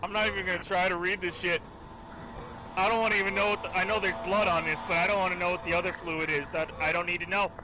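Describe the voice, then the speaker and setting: A young man streaming a game live, reacting with loud, profane outbursts and laughter. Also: high-pitched, steady tone, fast talker, music in the background, poor audio.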